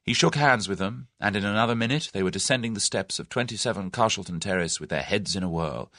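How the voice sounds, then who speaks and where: A man narrating an audiobook with expressive storytelling. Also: lowish voice, fast, few pauses, no room sound, studio quality. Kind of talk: scripted narration.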